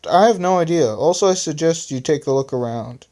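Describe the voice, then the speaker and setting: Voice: mid-range voice, lively intonation, fairly quick, dark tone, close to an everyday voice. A home reader voicing Ben, a smug villain who greets the heroes in his lair and rambles through his explanations.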